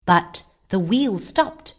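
A woman reading a children's picture book aloud in a slow, clear read-aloud delivery. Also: medium pitch, expressive. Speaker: storybook reader.

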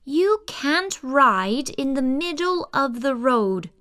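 A woman's voice: high voice, sing-song, takes it slowly, fairly bright tone, voice pushed up, full character voice. A woman voicing a firm but polite female police officer in a storybook.

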